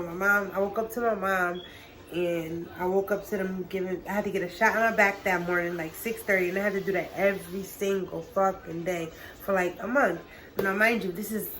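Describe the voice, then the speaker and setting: A woman's voice: mid-range voice, fairly bright tone, a little hiss or hum, rough recording. Young woman swearing through a storytime vlog. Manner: casual, profane, talks to viewers as y'all. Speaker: vlogger.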